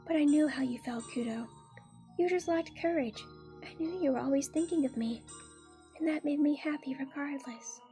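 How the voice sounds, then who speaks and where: A woman voicing a timid, frightened young girl ghost in a horror game, speaking weakly and softly. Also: extremely high pitch, very slow, pauses often, soft background music, voice pushed up, exaggerated voice. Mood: tender. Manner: weak, soft, breathy.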